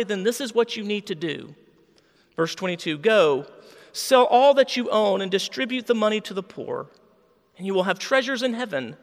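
A man's voice: high-pitched, in a large hall. A man preaching a sermon with passion, voicing the people in his story. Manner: impassioned, acts out quoted voices. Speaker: pastor.

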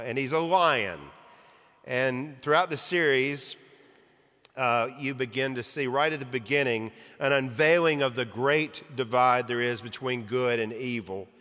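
A man's voice: mid-range voice, fairly bright tone. A male pastor preaching an earnest sermon with rhythmic, emphatic lists. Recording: long reverb of a large hall.

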